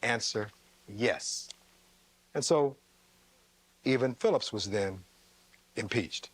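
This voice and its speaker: A man acting as defense attorney, delivering a courtroom closing argument, reading testimony aloud and putting rhetorical questions to the jury, with sharp leaps in pitch on stressed words. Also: slow, slightly rough.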